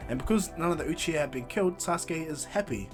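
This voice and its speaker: A man's voice: fairly high pitch, expressive, fast talker, music in the background. A man casually retelling a fan story, rambling with restarts.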